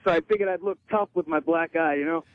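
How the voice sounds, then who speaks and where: A man with a slightly high voice calls in to a radio show. He speaks plainly and matter-of-factly. The phone line sounds dull and muffled. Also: quick pace. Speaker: caller. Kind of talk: phone-in story. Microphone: telephone.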